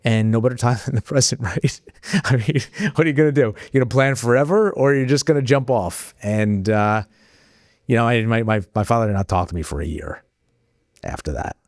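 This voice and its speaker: A man telling personal stories as a podcast guest, conversational and animated, jumping higher when he acts out dialogue. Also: a little fast, no room sound, clean studio sound. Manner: animated when acting out dialogue, frequent restarts. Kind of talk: conversational storytelling.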